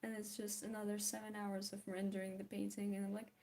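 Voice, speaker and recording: A woman chatting casually while she paints, self-mocking, often dropping into soft whispers. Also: medium pitch, flat delivery, fast talker, vocal fry, hardly any pauses. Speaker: art vlogger.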